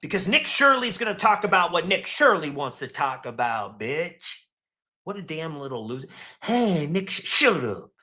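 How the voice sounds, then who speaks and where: A man's voice: fairly high pitch, very animated, normal speed, bright, forceful tone. A man hosting a casual reaction show, mocking and profane as he riffs on clips.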